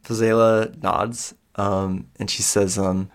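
Low, creaky-voiced male game master, narrating scenes with frequent fillers. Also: a little slow. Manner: descriptive, with many fillers.

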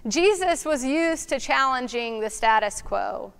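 A woman preaching a sermon in a slow, reflective way, asking questions aloud. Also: sits high, animated, vocal fry, fairly bright tone, clean tone.

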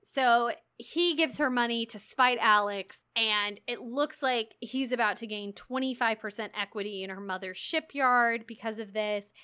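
Young adult woman, high pitched, animated and profane book-chat co-host. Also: a little slow, hardly any pauses, smooth. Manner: animated, profane, laughing recaps. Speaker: podcast co-host. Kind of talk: casual book discussion.

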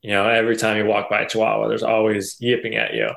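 Gravelly man rambling in casual chat. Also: fairly low pitch, monotone, fast, a bit bright. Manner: rambling, thinks aloud with fillers.

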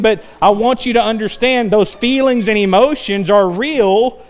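A man preaching a sermon, climbing to intense peaks and then dropping low and quiet. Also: normal speed, few pauses, clean tone. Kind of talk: evening sermon.

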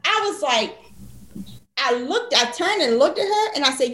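A woman's voice: high voice, animated, moderate pace, fairly bright tone. A woman, a physician and podcast co-host, telling a story in casual chat and acting out the dialogue in quoted voices. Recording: echoey room.

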